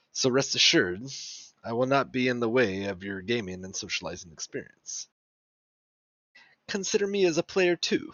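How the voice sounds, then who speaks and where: A man's voice: medium pitch, fairly bright tone, no echo. A man co-hosting a casual online show, reading a chat message aloud in an exaggerated, pompous, mock-formal manner. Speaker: podcast co-host. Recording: dry, dull lo-fi voice-chat audio.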